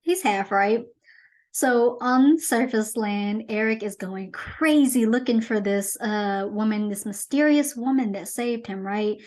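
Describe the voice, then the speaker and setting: A woman hosting her own commentary show, chatty and animated as she retells a movie's plot in a casual review. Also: fairly high pitch, measured pace. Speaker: host.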